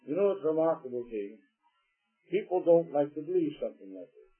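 A man preaching a sermon emphatically, rising to loud declarations and dropping to low asides. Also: big pitch swings, brisk, husky. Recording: tinny, phone-like old sermon recording.

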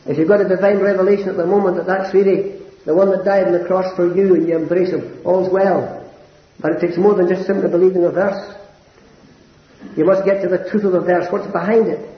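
An elderly preacher delivers a sermon in a fairly high voice, earnest and building to impassioned peaks. The recording is roomy and dull, with a lo-fi, echoing feel. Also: male voice, level tone, brisk. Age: older.

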